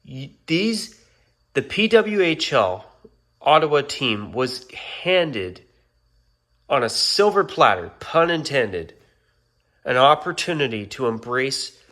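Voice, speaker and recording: Bright-voiced man ranting on a vlog. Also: mid-range voice. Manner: exasperated ranting, repeated apologies. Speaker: YouTuber. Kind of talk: casual vlog rant.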